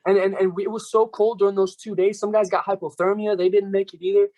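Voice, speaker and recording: A young man, a podcast guest, telling stories in a fast, animated way and ending his sentences with "right?". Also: high-pitched. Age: young adult. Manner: rapid, animated, keeps tagging "right?" and "bro". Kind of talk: casual storytelling interview.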